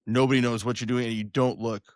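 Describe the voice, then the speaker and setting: A young man hosting a podcast, joking loudly with a flat announcer-like delivery. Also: mid-range voice, fast talker, no room sound, clean studio sound. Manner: loud, joking, self-described monotone announcer delivery. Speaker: podcast host. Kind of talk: casual podcast chat.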